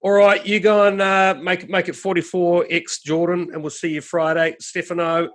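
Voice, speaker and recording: A man's voice: sits high, level tone, normal speed, a bit bright. A man hosting a casual video chat, talking loosely with many fillers and restarts. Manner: chatty, filler-heavy, frequent restarts. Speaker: host.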